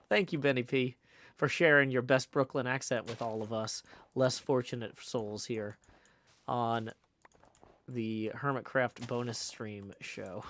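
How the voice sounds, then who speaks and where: A man with a mid-range, slightly bright voice chats casually on a live stream, thinking aloud as he plays a game. His intonation stays fairly even and his pace unhurried, and he often corrects himself mid-sentence.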